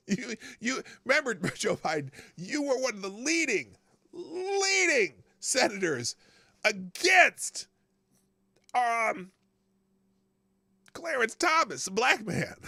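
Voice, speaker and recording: A man's voice: high voice, creaky, pushed and bright, no echo. A man hosting a live political talk stream, talking casually and laughing often, greeting viewers by name.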